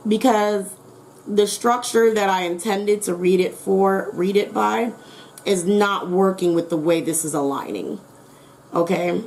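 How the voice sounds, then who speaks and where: A woman's voice: mid-range voice, unhurried, a little mellow, slight background noise, low-quality recording. A woman giving a casual tarot reading, talking in a rambling way, repeating herself and correcting her words as she goes. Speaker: tarot reader.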